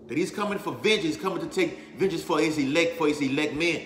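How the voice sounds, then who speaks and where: Emphatic male preacher, fairly high voice, repetitive rhythm; recorded in a long-reverb hall with faint noise behind. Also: fast talker, few pauses. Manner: emphatic, keeps checking in with "all right?" and "okay?"; repeats words while building up force. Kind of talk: preaching on scripture.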